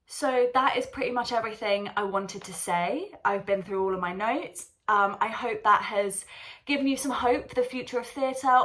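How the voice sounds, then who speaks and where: A woman's voice: medium pitch, fairly bright tone. Gushing young woman vlogger. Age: young adult. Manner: gushing, emotional, lots of fillers. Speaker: drama student vlogger. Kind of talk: casual vlog chat.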